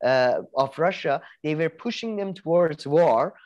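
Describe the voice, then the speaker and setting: A man's voice: a little high, animated, a little slow, a little mellow, lo-fi sound. A man co-hosting a podcast in casual chat, rambling with many restarts, fillers and the odd swear word. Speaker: podcast co-host.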